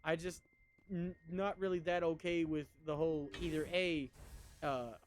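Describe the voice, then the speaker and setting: A man's voice: a little high, fairly even intonation, unhurried, slight background noise. A man in his thirties chatting casually on a stream, rambling and conversational. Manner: rambling, conversational, with many fillers and restarts. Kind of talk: casual chat while streaming.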